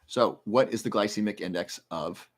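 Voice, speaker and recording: A man's voice: lowish voice, moderate pace. A man hosting a casual livestream Q&A, reading viewer questions aloud and explaining health research in a rambling, conversational way.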